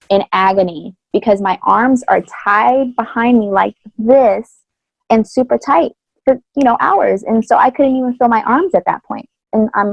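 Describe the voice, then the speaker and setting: A woman's voice: medium pitch, gravelly, no room sound. A woman co-hosting a podcast, candidly and earnestly retelling a personal experience in casual chat, with blunt slang. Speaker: podcast co-host. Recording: dry, slightly dull lo-fi sound.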